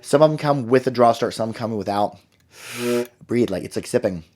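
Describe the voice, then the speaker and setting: A man's voice: medium pitch, moderate pace, a little mellow. A man hosting a casual live stream, chatting, explaining his instruments and reading out viewer comments. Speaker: host.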